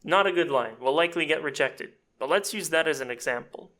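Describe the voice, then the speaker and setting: A man giving a chatty, self-deprecating audio editing tutorial, explaining step by step as he clicks through software. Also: fairly high pitch, animated, a little fast. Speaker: voice actor and casting director.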